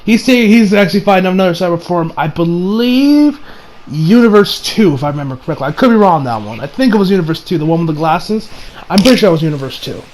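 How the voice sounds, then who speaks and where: A high-pitched man in a casual, rambling recap, full of restarts and laughs. He jumps into quick voices for the characters he quotes. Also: animated, darkish tone, poor audio. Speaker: anime reviewer.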